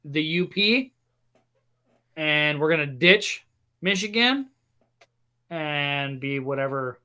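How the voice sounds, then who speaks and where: A man from Wisconsin co-hosting an outdoors podcast, opinionated and halting as he chats casually. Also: on the high side, lively intonation, pushed and bright, clear, resonant tone. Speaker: podcast co-host. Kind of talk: casual chat.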